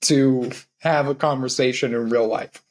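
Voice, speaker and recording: A man's voice: mid-range voice, fairly even intonation, unhurried, darkish tone. A man co-hosting a casual comedy chat, teasing his friend in laid-back banter and laughing a lot. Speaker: podcast co-host.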